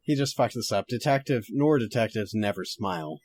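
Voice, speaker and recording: A man's voice: on the low side, expressive, moderate pace, a little mellow, slightly rough, no echo, studio quality. A young man hosting a podcast, chatting casually and reading a story aloud, laughing often and swearing freely.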